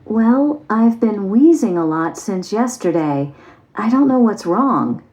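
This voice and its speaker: A woman's voice: medium pitch, animated, takes it slowly, darkish tone, poor audio. An actress playing a mildly annoyed female patient describing her wheezing in a textbook listening dialogue. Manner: plain, mildly complaining.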